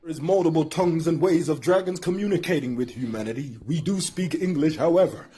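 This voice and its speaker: A man delivers an earnest spiritual monologue in a solemn, matter-of-fact tone. His voice sits a little high and sounds soft and mellow. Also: a little fast, slightly rough. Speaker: self-described dragon in a clip.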